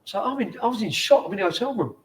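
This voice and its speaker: A man in his forties with a London accent, a former footballer telling stories in casual chat in a bar, animated and swearing often. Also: sits high, very fast. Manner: animated, swears often, acts out quoted people. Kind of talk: casual storytelling.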